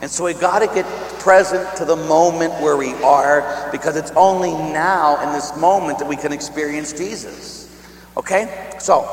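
A man's voice: a little high, moderate pace, a little hiss or hum. Man preaching in an echoey hall. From Pittsburgh area. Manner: storytelling, drops to a hushed near-whisper. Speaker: priest. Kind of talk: sermon. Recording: echoey hall with long reverb.

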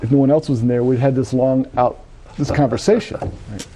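A middle-aged man from Louisiana, a Catholic priest, giving an animated personal testimony and acting out the voices he quotes. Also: medium pitch, a little fast. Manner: animated storytelling, acts out quoted voices, frequent "right?". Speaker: Catholic priest telling his vocation story.

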